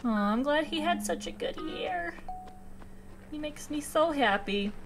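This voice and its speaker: Excitable woman, 20s, let's-play host; high voice, faint background music. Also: a little slow. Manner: excitable, gasping and giggling. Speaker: gaming channel host.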